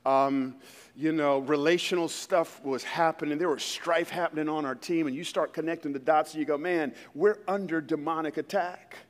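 A man in his thirties preaching a sermon, with fervent, emphatic delivery that swings from quiet storytelling to loud declarations. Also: a little high, fairly even intonation, moderate pace, big-room sound. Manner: preaching with rising fervor and street-tinged emphasis. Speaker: pastor.

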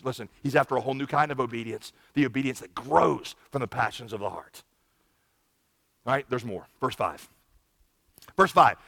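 A pastor preaching a sermon in an animated way, acting out quoted lines with big swings in volume. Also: male voice, on the high side, in a large hall.

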